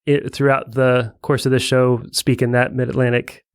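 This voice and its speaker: Smooth-voiced man chiming in on a podcast. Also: mid-range voice, flat delivery, normal speed, no room sound, clean studio sound. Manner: agreeable, chiming in. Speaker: podcast co-host. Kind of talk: casual film discussion.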